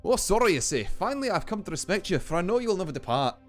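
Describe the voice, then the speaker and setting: A man voicing a stately woman who keeps a deep well, with a put-on Scottish accent and a slow, grand delivery, reading game dialogue aloud. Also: very animated, faint music behind. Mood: solemn.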